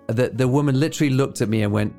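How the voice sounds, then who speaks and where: A British man co-hosting a podcast, telling lively stories in casual chat and laughing often. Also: medium pitch, racing, creaky, faint music behind. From United Kingdom. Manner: animated storyteller, laughs often. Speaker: podcast co-host.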